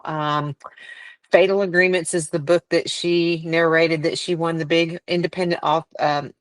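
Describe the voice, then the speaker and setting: A woman with a deep, low-pitched voice talks as a podcast guest. She chats freely and from the heart, with easy laughter between her stories. The sound is close and dry. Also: no echo. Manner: chatty, heartfelt storytelling with frequent laughter. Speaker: author guest. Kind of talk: casual podcast interview.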